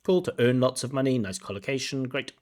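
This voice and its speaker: A man teaching as an examiner, breaking down a recorded speaking test with analytical commentary and lively intonation. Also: medium pitch, fairly quick.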